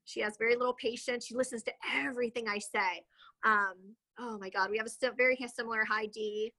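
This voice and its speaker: A woman's voice: a little high, fairly even intonation, a little fast, pushed and bright, rough recording. A woman in her thirties, a real estate agent guest, talking casually in an interview, chatty and rambling with many fillers.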